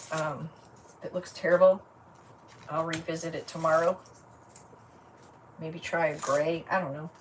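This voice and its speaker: A woman rambles through her craft project, thinking aloud in a casual, easygoing way. Her voice sits on the low side and is picked up from a little away from the mic. A faint hiss of noise runs underneath. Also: far from the mic. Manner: chatty, thinking aloud as she works. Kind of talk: casual chat while crafting.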